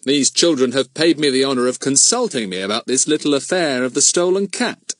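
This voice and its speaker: A composed middle-aged police inspector, voiced by a man reading a storybook aloud. He speaks in a measured, politely ironic way, lifted a little above the reader's natural pitch and set with quiet authority. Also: animated, no echo, studio quality, natural voice. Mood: dry.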